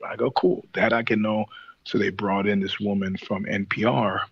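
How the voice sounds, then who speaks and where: A man's voice: on the low side, steady tone, moderate pace, gravelly, breathy edge, dry recording, dull audio. A man guest on a podcast, telling stories casually in a profane, digressive way, acting out the other people's lines in his voice. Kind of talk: casual interview storytelling.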